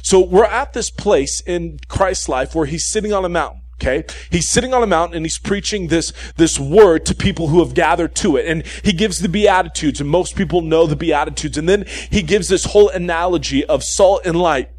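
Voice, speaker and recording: A man preaching a sermon in an animated way, mixing humorous everyday stories with repeated key points and frequent "okay?" check-ins with his listeners. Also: on the high side, fairly quick, few pauses, no room sound. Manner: humorous storytelling asides.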